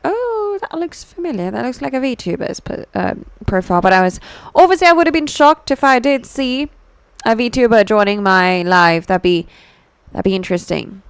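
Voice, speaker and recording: A woman's voice: on the high side, smooth, dry recording. A woman VTuber chatting with her live-stream viewers, giggling, answering chat messages playfully and switching between English and Hindi.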